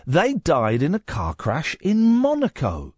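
Animated, playful male radio host. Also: fairly high pitch, a little slow, slightly rough, no echo. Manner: playful, teasing, rambling. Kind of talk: late-night radio chat. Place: radio studio. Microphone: studio microphone.

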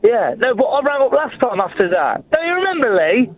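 A man's voice: extremely high pitch, big pitch swings, fairly quick. A man calling in to a radio show, eager and chatty. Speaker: caller. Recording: muffled phone line.

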